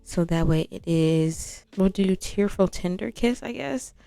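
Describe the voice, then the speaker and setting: A woman's voice: medium pitch, unhurried, gravelly, mellow, no room sound. A young woman giving casual, slangy commentary while playing a life-sim game. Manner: chatty, slangy, narrates and voices sims. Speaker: gaming channel host. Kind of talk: casual let's-play commentary. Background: background music.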